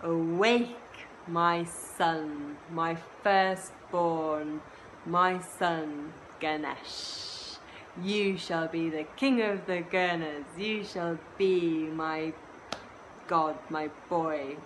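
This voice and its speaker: A woman voicing a mighty male god who is proud and quick to rage, booming when angry and solemn when blessing. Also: steady tone, slight background noise, poor audio.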